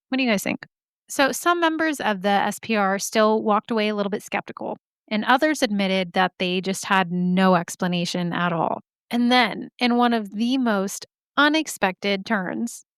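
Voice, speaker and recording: A woman's voice: mid-range voice, a bit bright, smooth, dry recording, studio quality. A woman hosting a podcast, telling a story casually with joking asides and lots of "like". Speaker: podcast host.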